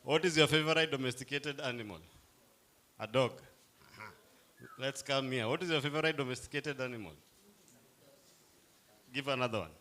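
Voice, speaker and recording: A man's voice: mid-range voice, normal speed, long pauses, pushed and bright. A man, playfully coaxing a crowd as he leads a group icebreaker game at a live event. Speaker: workshop facilitator.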